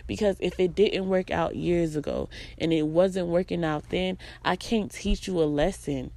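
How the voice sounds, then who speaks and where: Woman vlogger, emphatic and profane, in a dark, dry voice. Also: lowish voice, normal speed, gravelly, no room sound. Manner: emphatic, blunt, profane, repeats phrases for emphasis. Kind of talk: venting personal monologue.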